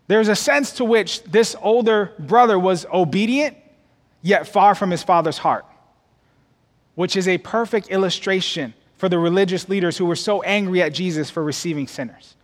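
A man preaching a sermon to his church, expressive and folksy, pushing higher and louder to drive points home. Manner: folksy, addresses the congregation as y'all. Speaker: pastor. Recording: long hall reverb.

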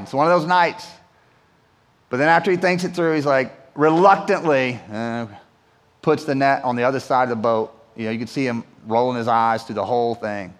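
A man's voice: high-pitched, brisk. A man preaching a sermon as pastor in a church, chatty and repetitive, checking in with "right?". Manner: conversational, repeats words, asks the room "right?". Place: church hall. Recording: long hall reverb.

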